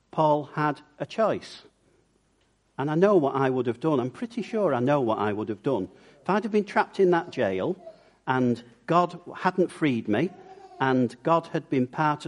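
A man preaching a sermon and telling stories, acting out the voices of the people in them. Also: mid-range voice. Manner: lively storyteller acting out quoted voices. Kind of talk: sermon with storytelling.

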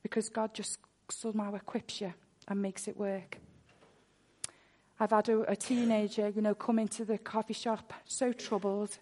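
A woman's voice: medium pitch, flat delivery, moderate pace, a little mellow. A woman preaching a sermon full of personal testimony, earnest, and she repeats words when she gets worked up.

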